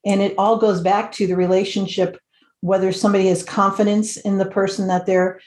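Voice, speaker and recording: A woman on a panel giving measured, emphatic comments on teamwork. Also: mid-range voice, little pitch movement, a little mellow, roomy sound.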